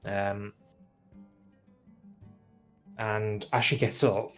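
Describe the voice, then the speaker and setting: Man, game master, low voice, relaxed, fillers, tabletop narration. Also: very slow, soft background music.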